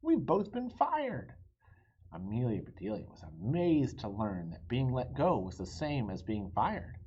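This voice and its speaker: A man with a husky voice, reading a children's chapter book aloud in an animated, friendly way and asking the listeners questions. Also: lowish voice, normal speed, dull audio. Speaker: storybook reader.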